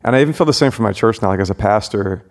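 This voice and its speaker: Low-ish voiced pastor guy, chatty, lots of ums, thinking out loud. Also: very fast. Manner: reflective, many fillers and restarts. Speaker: pastor and podcast host. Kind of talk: casual interview chat.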